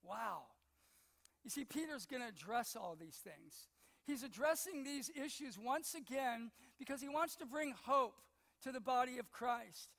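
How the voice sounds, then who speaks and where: Older male pastor, high-pitched, anecdotal sermon delivery with repeated words, long church reverb. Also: lively intonation, measured pace, vocal fry, a bit bright. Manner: storytelling, acts out quotes, repeats words. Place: church sanctuary.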